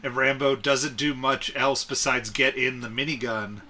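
A man's voice: medium pitch, fairly even intonation, normal speed, bright, forceful tone. A man co-hosting a podcast, chatting casually about a movie with lots of fillers and laughter. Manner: rambling, laughing, filler-heavy. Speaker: podcast co-host. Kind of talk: casual movie review chat.

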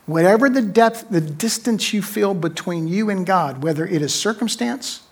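A middle-aged pastor with a notably high voice delivers a sermon to his congregation. He tells stories conversationally, says his key lines twice and keeps asking "right?" to draw the room in. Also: animated, normal speed, hardly any pauses, husky. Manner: conversational storytelling, repeats phrases, checks in with "right?".

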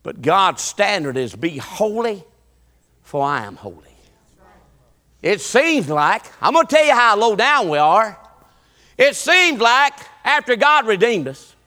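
A middle-aged man, preaching a folksy, animated sermon full of repetition and bursts of song. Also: sits high, measured pace, in a large hall.

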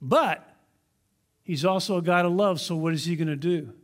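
A man preaching a sermon as pastor, emphatic, slowing down to stress key words and using props to illustrate his point. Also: on the high side.

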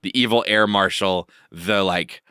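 A man co-hosting a casual podcast over a remote call, wry and quick to laugh. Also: sits low, fairly even intonation, sharp tone, smooth, no room sound, clean studio sound. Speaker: podcast co-host. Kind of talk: casual chat.

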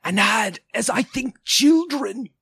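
A man putting on a high, eerie spirit guide. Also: lively intonation, slow, vocal fry, fairly bright tone, husky, exaggerated voice. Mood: solemn. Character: ghostly spirit guide, solemn, high-voiced.

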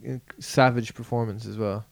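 A man's voice: steady tone, normal speed, vocal fry, no echo. A man co-hosting a podcast in casual chat, rambling and laughing. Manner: rambling, laughing, breaks into falsetto singing. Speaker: podcast co-host.

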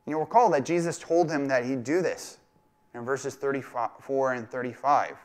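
This male pastor speaks at a normal speed in a mid-range voice, delivering his sermon conversationally. Now and then he performs quoted voices and laughs at his own jokes.

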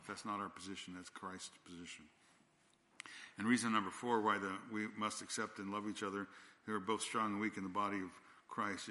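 Pastor, man, low and forceful, earnest repetitive sermon delivery, long hall echo. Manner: earnest, repetitive, with frequent restarts and "again". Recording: long church-hall reverb.

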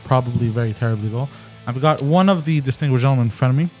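A man's voice: medium pitch, racing, warm tone, soft background music. A man hosting a casual live podcast, talking loosely with slang and swearing. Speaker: podcast host. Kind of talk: casual live-stream chat.

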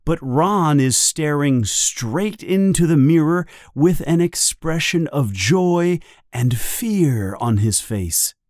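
A man narrating a children's story in a slow, deliberate, expressive way. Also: a little high, dry recording, studio quality. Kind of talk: storybook reading.

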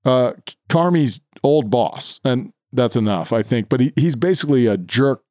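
A man co-hosting a podcast talks in a loose, casual way, laughing often and restarting sentences as he goes. His voice sits at a middle pitch and sounds dry and close to the mic. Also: animated, normal speed, a little mellow, no echo. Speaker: podcast co-host. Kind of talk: casual chat.

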